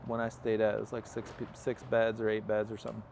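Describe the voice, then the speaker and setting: A man's voice: fairly low pitch, completely flat delivery, quick pace, vocal fry, a little mellow, slight background noise. Rambling young man telling a road story. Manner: rambling, many fillers and quoted dialogue. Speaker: interview guest. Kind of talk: casual storytelling. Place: outdoors on a farm.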